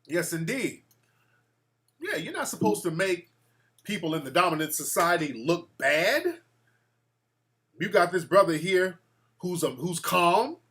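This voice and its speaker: A man hosting a call-in show, telling stories in a boastful, animated way and acting out quotes. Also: high voice, measured pace, long pauses. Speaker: show host taking calls.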